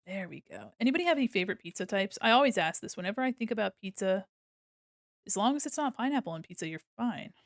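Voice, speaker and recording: A woman's voice: medium pitch, big pitch swings, fast talker, dry recording, clean studio sound. An American woman streaming her art, chatting casually and giggling as she thinks aloud while she draws. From United States.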